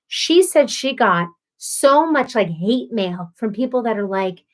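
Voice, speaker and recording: A woman in her thirties hosting a casual live stream, ranting in an animated, exasperated way and acting out quoted voices. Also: on the high side, normal speed.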